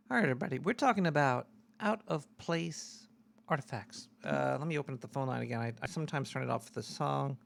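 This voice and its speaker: A man's voice: fairly high pitch, gravelly, fairly bright tone. A man playing a paranoid male cartoon rat who hosts a comedic call-in radio show, rambling and jokey. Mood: chatty.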